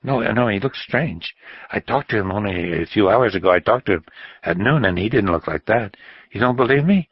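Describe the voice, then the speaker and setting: A man's voice: on the low side, expressive, moderate pace, breathy edge, no echo, highs cut off. A man reading an audiobook and voicing an eager little older man who insists he spoke to the bullfighter. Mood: excited. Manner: eager, insistent, rising to exclaim.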